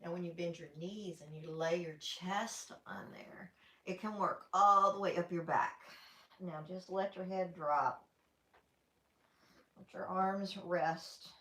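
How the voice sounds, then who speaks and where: An older woman with a Southern US accent, leading a gentle yoga class in a folksy, chatty way with playful asides. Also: lowish voice, steady tone, takes it slowly, a little hiss or hum. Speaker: yoga instructor. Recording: roomy, from a distance off-mic.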